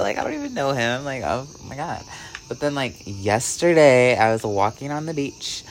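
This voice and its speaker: A man vlogging, telling a rambling story with "like" in almost every phrase and swinging between hushed and excited delivery. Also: mid-range voice, normal speed, a little hiss or hum. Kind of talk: casual storytelling vlog.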